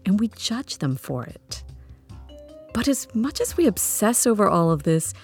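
Expressive woman host, husky tone, soft music. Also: mid-range voice, measured pace. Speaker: podcast host. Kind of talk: scripted podcast intro.

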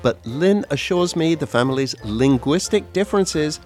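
A man's voice: fairly high pitch, lively intonation, moderate pace, a little mellow, soft background music. An American man presenting a radio feature, speaking in a wry, conversational way. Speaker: radio host and reporter.

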